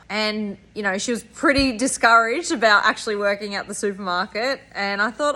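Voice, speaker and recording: A woman's voice: medium pitch, a little fast, few pauses, pushed and bright. A woman, a spiritual coach chatting enthusiastically through a story for her vlog.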